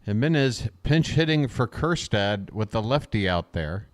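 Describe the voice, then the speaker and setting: A man doing live fan play-by-play of a baseball game, chatty and wisecracking, talking back to viewers in chat between pitches. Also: animated, a little slow.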